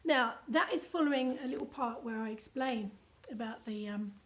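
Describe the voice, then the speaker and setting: A British woman reads aloud from a book she wrote, adding playful, chatty asides as she goes. Her voice sits a little high. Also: normal speed. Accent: British English. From United Kingdom. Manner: chatty and playful, laughs at her own lines. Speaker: author reading from her own book. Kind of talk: casual book reading with commentary.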